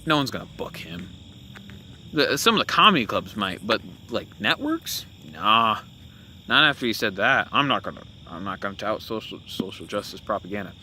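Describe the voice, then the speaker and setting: A young man talks casually as a podcast host, his voice bright and forward. He rambles, restarting sentences and filling gaps with "uh" and "you know". Faint hiss and insect sounds sit behind him. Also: lowish voice, sing-song, moderate pace. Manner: rambling, with many fillers and self-corrections. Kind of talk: casual opinion monologue.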